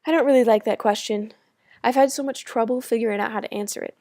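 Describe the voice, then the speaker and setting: A woman's voice: a little high, fairly even intonation, fast, darkish tone, no echo, studio quality. A young American woman from the States reading her own personal essay aloud with wry, self-mocking humor. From United States. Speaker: student writer.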